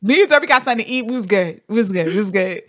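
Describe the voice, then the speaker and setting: A woman hosting a podcast in casual chat, telling stories with lively acted-out voices. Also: medium pitch, very fast, no room sound. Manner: animated storyteller, acts out quoted voices. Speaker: podcast host.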